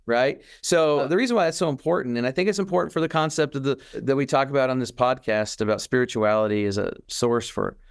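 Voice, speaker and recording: A man's voice: mid-range voice, fast talker, creaky, hardly any pauses, clean tone. A man co-hosting a podcast, talking in a casual, reflective, earnest way, with frequent restarts. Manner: earnest, animated, with restarts and acted-out quotes. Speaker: podcast co-host.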